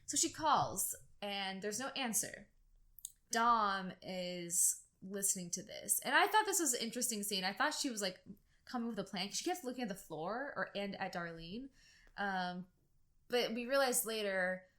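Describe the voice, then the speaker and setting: A woman with a bright, forward voice co-hosts a casual podcast. She recaps a TV episode scene by scene, telling it in a lively way and dropping into quoted dialogue as she goes. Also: medium pitch, moderate pace. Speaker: podcast co-host.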